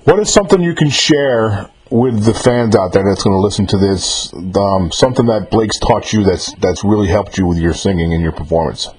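Fifty-something male interviewer, lowish voice. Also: animated, normal speed, few pauses, a crowd in the background. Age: 50s. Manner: affirming, repeats himself while searching for words. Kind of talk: casual interview.

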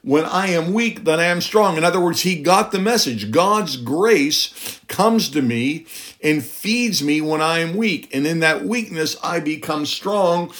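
A man's voice: expressive, a little slow, fairly bright tone. Emphatic male preacher, middle-aged. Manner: emphatic, rhetorical questions, pitch rising on key lines. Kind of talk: sermon.

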